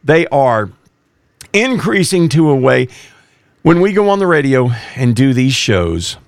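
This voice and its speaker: A man's voice: medium pitch, sing-song, unhurried, clean tone, no room sound, clean studio sound. A man who used to be a police officer, preaching emphatically as a radio show host. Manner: emphatic, rising to forceful exhortation. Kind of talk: preaching talk.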